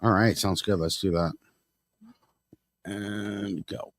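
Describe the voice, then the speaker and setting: A man's voice: on the low side, fairly even intonation, slow. A man hosting a podcast, making wry remarks and keeping the episode moving. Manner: wry, keeps the show moving. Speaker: podcast host. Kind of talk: casual chat.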